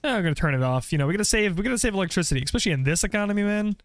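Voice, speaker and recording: A man's voice: high-pitched, animated, racing, no echo. A young man joking his way through a game playthrough with playful commentary. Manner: playful, joking, frequent laughs. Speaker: gaming video creator.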